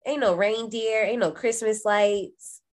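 There's slight background noise as a female podcast co-host recaps horror movies in an unhurried, casual way. She is lively and profane, often going high to dramatize quoted lines.

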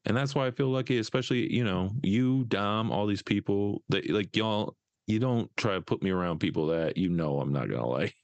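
A man co-hosting a casual podcast chat, laid-back and hesitant, with many pauses and casual swearing. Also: on the low side, darkish tone, dry recording, dull audio. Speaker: podcast co-host.

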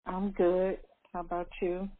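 A woman's voice: on the low side, completely flat delivery, unhurried. A woman chatting on a live stream call, rambling and repeating herself, trailing off mid-thought. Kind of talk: casual phone chat. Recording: tinny phone line.

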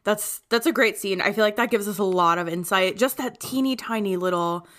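A woman's voice: mid-range voice, fairly quick, fairly bright tone. A young woman co-hosting a podcast, chatting casually, laughing often and retelling scenes. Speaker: podcast co-host. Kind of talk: casual chat.

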